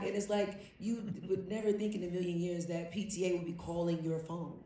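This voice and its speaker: A woman on a panel telling a story in a casual, slangy, animated way, laughing often. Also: on the low side, fairly quick, hardly any pauses, heavy background noise. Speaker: panel guest actor. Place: large event hall. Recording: echoey hall, distant mic.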